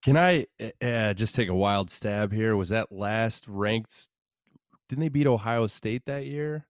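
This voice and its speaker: A man co-hosts a casual sports podcast, chiming in eagerly with quick reactions. His voice sits on the low side. It is recorded close and dry, with no room sound. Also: no echo. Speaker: podcast co-host.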